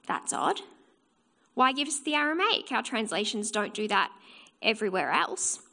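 A woman's voice: fairly high pitch, sharp tone. A woman preaching a sermon in church, earnest and explanatory, asking rhetorical questions and answering them herself.

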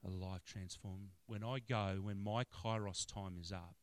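A middle-aged man with an Australian accent, a football club chaplain telling a story in a sermon and acting out the quotes with lively emotion. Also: unhurried, dry recording. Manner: animated, acts out quotes, rising to high-pitched excitement.

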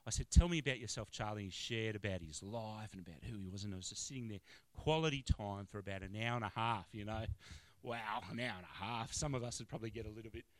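A middle-aged man with an Australian accent, a football club chaplain telling a story in a sermon and acting out the quotes with lively emotion. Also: dry recording. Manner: animated, acts out quotes, rising to high-pitched excitement.

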